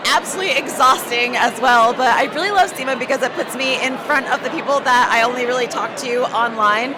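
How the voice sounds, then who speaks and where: A woman mechanic, hoarse from talking all day, giving emphatic, motivating interview answers. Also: fairly high pitch, brisk, over music. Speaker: automotive technician guest. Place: busy trade show floor. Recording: crowd chatter and noise behind.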